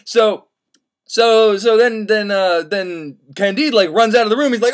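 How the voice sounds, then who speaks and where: Young man, high voice, swearing a lot, rambling comedic retelling. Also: unhurried. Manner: profane, rambling and excitable. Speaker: host.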